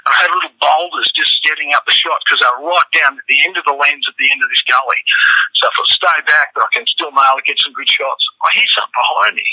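A man's voice: on the high side, fast talker, breathy edge, no room sound, muffled recording. A middle-aged Australian man, a news cameraman, telling wild anecdotes as a podcast guest in a colourful, profane, slang-heavy way.

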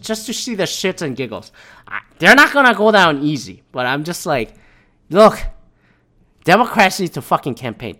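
Man, slightly higher voice, off-the-cuff profane commentary, rambling delivery with frequent restarts. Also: sharp tone. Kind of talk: casual political rant.

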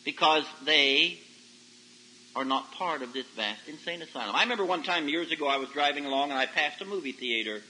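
A man preaching a folksy sermon to young people, telling stories and rising to loud emphatic peaks. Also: a little high, fairly quick, a little hiss or hum, rough recording. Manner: folksy, animated storytelling with sudden loud rises. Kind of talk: sermon to a youth service. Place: camp meeting service. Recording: old 1990s radio broadcast recording.

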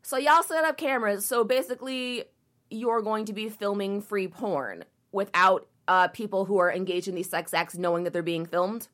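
A woman's voice: mid-range voice, moderate pace, a bit bright. Indignant, foul-mouthed woman commentator. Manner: sarcastic, indignant, swears a lot, reads quotes aloud then rants. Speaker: commentator reading a news article. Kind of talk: casual commentary video.

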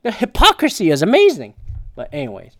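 A woman's voice: lowish voice, huge pitch swings, a little fast, no echo, studio quality. A woman hosting a solo podcast, ranting casually with lots of swearing, sarcastic and opinionated. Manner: profane, ranting, swears often. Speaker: podcast host.

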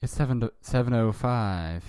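A man's voice: mid-range voice, moderate pace, mellow, clear, resonant tone, voice pushed up, lightly acted. A man voicing a pedantic wife in a comedic fanfiction reading. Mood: dry. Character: woman, wife, dry and pedantic.

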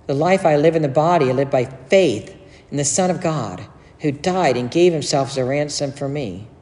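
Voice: medium pitch, animated, moderate pace, a little mellow. A pastor delivering a sermon, explaining scripture in a conversational way with joking asides. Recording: echoey hall with long reverb.

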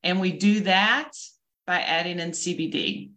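Woman, 50s, from Kentucky, bright voice, enthusiastic. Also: lowish voice, unhurried. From Louisville, Kentucky. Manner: upbeat, enthusiastic. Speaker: nurse and nutrition coach co-host. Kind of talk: podcast introduction.

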